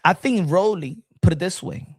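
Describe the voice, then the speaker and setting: A middle-aged man hosting a casual boxing talk show, animated and repetitive, talking straight to his viewers in the chat. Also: high-pitched, normal speed, breathy edge, no room sound, clean studio sound. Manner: animated, repeats himself, addresses folks in the chat.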